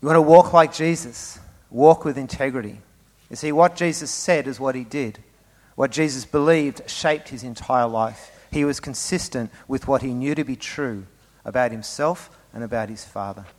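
A man preaching a sermon, emphatic, swinging between loud stresses and quiet asides and putting questions straight to the congregation. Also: mid-range voice, normal speed. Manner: speaks to the congregation directly with rhetorical questions. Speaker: pastor.

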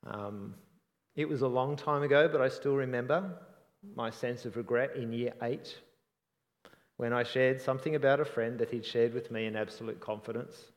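A man preaching a sermon in an earnest, reflective way, often trailing off softly at the ends of phrases. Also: medium pitch, fairly even intonation, normal speed, big-room sound.

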